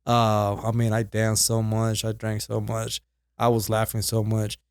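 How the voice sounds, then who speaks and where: Male podcast co-host, low pitch, dry sound, laid-back and agreeable. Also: monotone, unhurried, clean tone, dry recording. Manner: easygoing, agreeable with frequent yeahs. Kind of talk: casual chat.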